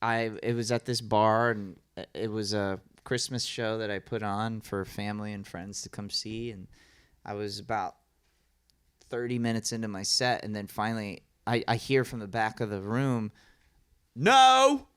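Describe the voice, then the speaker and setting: A man in his thirties from the American South tells stories as a comedian guest at a live podcast, acting out voices and laughing often in a casual, animated chat. His lowish voice is clear and resonant, at a normal speed.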